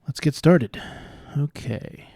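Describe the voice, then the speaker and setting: Guy working thru crossword clues out loud, lowish mellow voice, explains as he goes, very dry sound. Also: slow, no echo. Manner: thinking aloud, explaining clues. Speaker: puzzle solver. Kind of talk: solving crosswords aloud.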